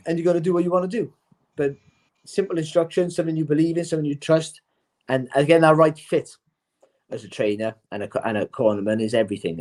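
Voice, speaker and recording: Animated boxing pundit, higher voice. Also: male voice, fast. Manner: animated, repeats words when starting a point. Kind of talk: casual podcast chat.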